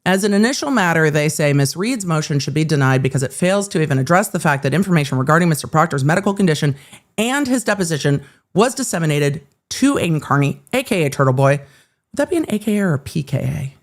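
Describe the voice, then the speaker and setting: A woman's voice: low voice, lively intonation, fast talker. Sarcastic woman ranting on a live legal stream. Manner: reads court filings aloud and comments on them. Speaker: legal commentary host.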